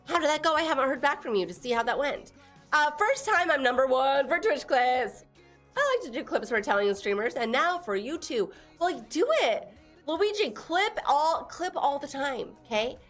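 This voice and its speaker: A woman's voice: high voice, big pitch swings, normal speed, a bit bright, soft background music. A young woman from Texas chatting casually on a live stream, laughing often and teasing her viewers as she reads their messages. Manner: giggly, teasing, reads chat aloud.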